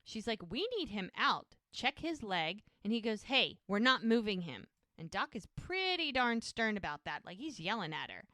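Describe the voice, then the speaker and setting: A woman's voice: mid-range voice, big pitch swings, normal speed, few pauses, bright, forceful tone, no room sound, studio quality. A woman co-hosting a podcast, retelling TV scenes in casual chat and quoting the characters' lines. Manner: retells scenes with quoted dialogue. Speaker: podcast co-host.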